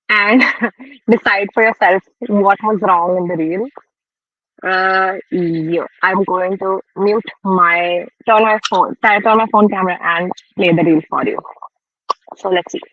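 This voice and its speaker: Man, casual livestream host, frank and chatty, high voice, dead-dry close sound. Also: fairly even intonation, takes it slowly, no room sound, dull audio. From India. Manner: chatty, frank, self-deprecating, snacking while talking. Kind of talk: casual live-stream commentary.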